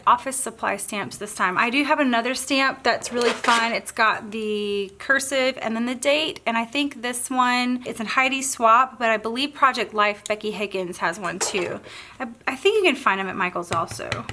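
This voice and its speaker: A woman with a Southern lilt hosts a craft painting tutorial, bubbly and casual as she talks through her thoughts while working. Her voice, a little high, comes across as pushed and bright. A faint hiss or hum sits in the audio.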